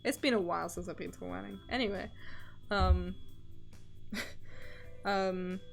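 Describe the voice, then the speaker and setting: A woman's voice: lowish voice, fairly even intonation, measured pace, vocal fry, soft background music. A young woman chatting casually on a stream while she draws, rambling and laughing often between thoughts. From Scotland.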